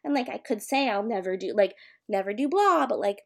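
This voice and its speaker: A woman's voice: medium pitch, expressive, brisk, gravelly. A young woman at home, casually answering a questionnaire as an amateur audio creator, rambling and hesitant with many filler words. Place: her home.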